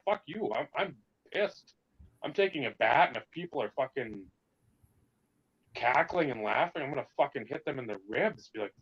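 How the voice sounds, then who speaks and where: A man talking heatedly on a podcast, his swearing rants full of mocking put-on voices. His pitch sits in an ordinary middle range. The sound is a bit dull and lo-fi. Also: animated, normal speed, creaky, fairly bright tone, breathy edge. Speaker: podcast co-host. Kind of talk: casual chat.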